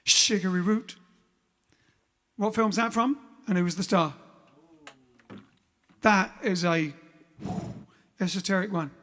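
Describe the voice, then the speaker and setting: A man's voice: high-pitched, takes it slowly, pauses often, sharp tone, big-room sound. A man hosting a band livestream, chatting casually between songs in a jokey, rambling way. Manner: jokey, rambling, plays with words. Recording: band music behind the voice.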